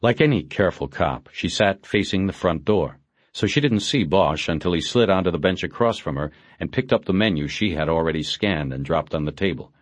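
A man reading a novel aloud in a steady, measured way. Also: deep voice, no echo. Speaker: audiobook narrator. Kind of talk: scripted narration.

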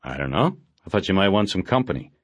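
A deep-voiced man plays a stubborn, sardonic police detective who keeps pushing in a dry, clipped manner, and the mood is insistent. He talks fast in a sing-song way. The sound is close and completely dry, with no room ambience.

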